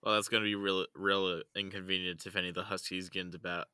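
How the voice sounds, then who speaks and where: A man's voice: low voice, flat delivery, fast talker, sharp tone, clean tone, no echo, studio quality. A young man chatting playfully on a podcast, laughing often between remarks. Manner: giggly, playful, keeps laughing. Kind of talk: casual chat.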